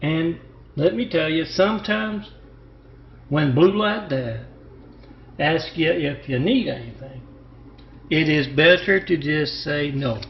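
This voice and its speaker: A man from Louisiana telling rambling parables and talking to imagined callers, halting and repeating his self-introduction. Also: fairly high pitch, vocal fry, highs cut off, a little hiss or hum. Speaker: self-styled parable teller.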